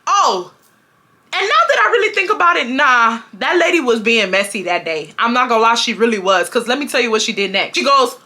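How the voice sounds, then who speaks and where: Young woman from Houston, bright tense voice, slangy animated storytelling, highish pitch. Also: a little fast. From Houston, Texas. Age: 20s. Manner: animated, slangy, acts out quotes with big pitch jumps. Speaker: storytime vlogger. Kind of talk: casual storytelling to viewers.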